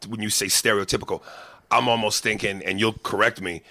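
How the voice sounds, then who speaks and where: A man hosting a casual podcast, talking in an animated storytelling way and reading out listener emails. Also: fairly low pitch, brisk. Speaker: podcast host.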